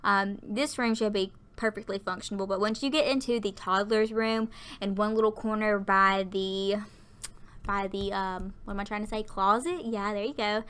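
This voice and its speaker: A young woman from lower Alabama, chatting and rambling through a casual video game voiceover, audibly out of breath. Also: steady tone, moderate pace, fairly bright tone, clean tone. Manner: rambling, chatty, lots of fillers. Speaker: Sims build YouTuber.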